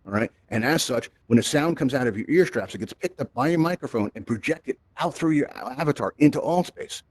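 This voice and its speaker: A man's voice: medium pitch, fairly quick. A man presenting to a live audience in a virtual reality space, talking energetically through a headset microphone and checking in with "right?" after nearly every point. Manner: energetic, peppered with "right?" and "all right?". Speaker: event presenter.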